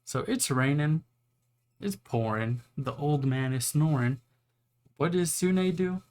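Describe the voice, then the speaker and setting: A man's voice: fairly high pitch, lively intonation, takes it slowly, darkish tone. A young man casually retelling an anime plot, rambling and swearing, now and then acting out the characters' lines. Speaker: anime reviewer.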